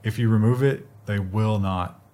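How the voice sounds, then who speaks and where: Low-voiced man chatting tech news. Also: normal speed. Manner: chatty, acts out quotes in lively bits. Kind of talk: casual news discussion.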